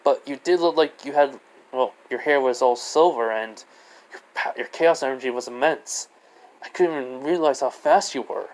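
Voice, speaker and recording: A man's voice: mid-range voice, normal speed, lightly acted, low-quality recording. A man voicing a cheeky, eager young hedgehog hero who keeps asking questions.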